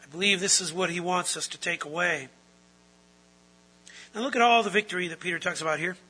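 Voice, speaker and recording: Man, pastor, sermon, emphatic, repeats key phrases, husky, high voice. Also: fairly quick, bright, forceful tone, poor audio.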